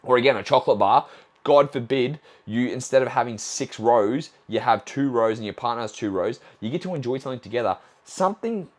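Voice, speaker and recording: A man's voice: mid-range voice, expressive, a little fast. A man hosting a solo nutrition podcast, blunt and casual with frequent swearing, acting out conversations with clients. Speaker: nutrition coach and podcast host.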